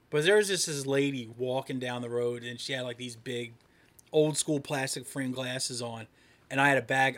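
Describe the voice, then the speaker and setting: A young man co-hosting a podcast, telling crude stories in casual banter, loud and full of swearing and laughter. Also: medium pitch. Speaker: podcast co-host.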